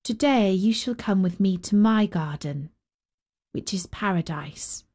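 A woman voicing a small, gentle boy in a storybook reading, with a soft, light voice. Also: mid-range voice, lively intonation, measured pace. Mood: serene.

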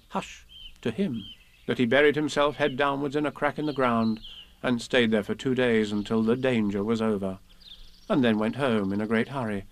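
A man reading children's poems and a storybook aloud in a gentle, expressive way. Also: medium pitch. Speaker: reader.

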